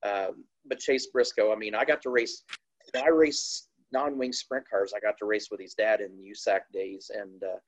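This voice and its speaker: A man from Indiana, a team owner and former racer, telling racing stories in a casual, animated, plainspoken way. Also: fairly low pitch, moderate pace, rough recording. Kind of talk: casual storytelling interview.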